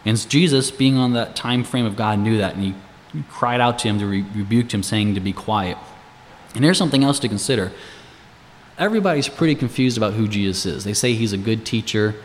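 A man with a fairly low voice walks through scripture in a relaxed, conversational way, posing rhetorical questions as he explains. His voice rings with a long hall reverb. A faint ambient hum sits underneath. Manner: casual and explanatory, asks rhetorical questions, chuckles between points. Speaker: Bible teacher. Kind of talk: conversational Bible teaching.

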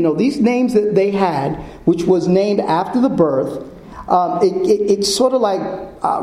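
A man delivers an informal sermon at an unhurried pace, his voice pitched high for a man and mellow in tone. He presses his points with emphatic rhetorical questions aimed at his listeners. The recording carries a noticeable echo from the room. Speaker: Bible teacher. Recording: echoey room.

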